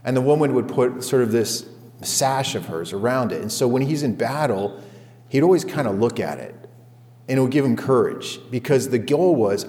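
Male pastor, casual storytelling sermon, average pitch, long echo of a church hall. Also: moderate pace. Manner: storytelling, conversational, animated retellings. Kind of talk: sermon to a men's group.

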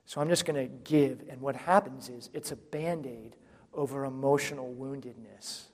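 Male preacher, conversational sermon that keeps checking in with listeners, mid-pitched, echoey hall. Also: normal speed, darkish tone. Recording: echoey hall with long reverb.

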